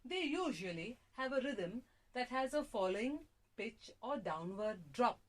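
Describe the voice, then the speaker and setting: Slow, lilting woman reading a lesson. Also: on the high side, very animated. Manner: deliberate, sing-song reading with exaggerated rises and falls. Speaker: radio presenter reading a lesson. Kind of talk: slow, carefully read-aloud lesson on punctuation and intonation. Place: small prerecording room at a radio station. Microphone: phone test broadcast.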